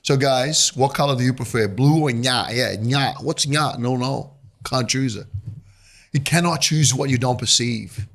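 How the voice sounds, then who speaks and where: A man's voice: medium pitch, a little slow, fairly bright tone. A man in his fifties from Brazil, a native Portuguese speaker with a Brazilian accent, telling his story as an interview guest and acting out voices with animation. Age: 50s. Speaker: guest investor.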